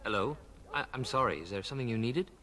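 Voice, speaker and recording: A man's voice: medium pitch, expressive, fast, bright, forceful tone. A man voicing a timid young male elf servant in a video game, nervous and stammering.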